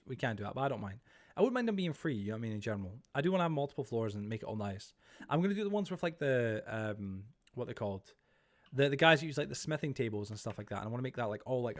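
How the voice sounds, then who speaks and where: Young guy streamer rambling fast to chat, mid-pitched voice. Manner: rambling, reads chat aloud. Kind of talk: casual live-stream chat.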